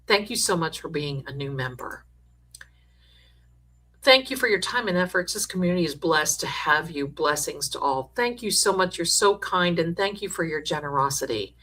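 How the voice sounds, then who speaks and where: A woman's voice: low voice, lively intonation, normal speed, sharp tone. A middle-aged woman hosting a livestream in casual chat, effusively thanking viewers by name. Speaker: livestream host.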